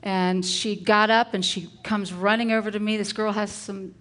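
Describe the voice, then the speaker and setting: A middle-aged woman, a teacher, giving a parenting talk and acting out calm, firm example phrases. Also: mid-range voice, normal speed.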